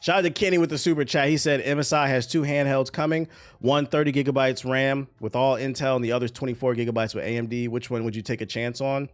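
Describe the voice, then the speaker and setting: A man's voice: medium pitch, fairly even intonation, fast. A man hosting a livestream, ranting bluntly and profanely in casual chat to his viewers, often breaking into laughter. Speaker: livestream host.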